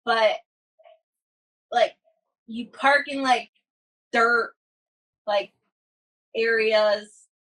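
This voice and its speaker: A woman with a fairly high voice chats from across the room, rambling a little. She stops and corrects herself often as she talks. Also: fairly even intonation, extremely slow, pauses often, a bit bright, poor audio. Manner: chatty, rambling, self-correcting.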